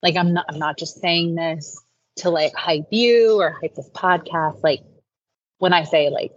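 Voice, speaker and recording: A woman's voice: fairly low pitch, unhurried, dry recording. A woman guest on a podcast, chatting in an earnest, casual way and leaning on "like" a lot. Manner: earnest, heavy use of "like". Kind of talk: casual interview chat. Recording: slightly dull lo-fi audio, faint noise.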